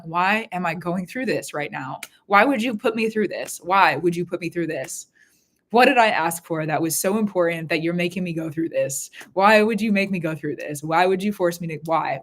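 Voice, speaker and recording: A woman hosting a spiritual reading live stream from her room at home, talking in a rambling, heartfelt way and repeating her phrases. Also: lowish voice. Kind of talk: casual live-stream talk.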